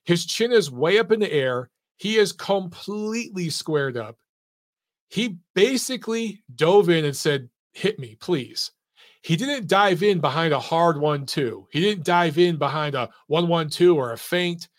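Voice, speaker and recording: A man with a slightly higher voice hosts his own boxing analysis show. He talks emphatically, firing off rhetorical questions and pointing out details as he goes, in a casual, conversational delivery. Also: animated, unhurried. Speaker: boxing commentator and show host.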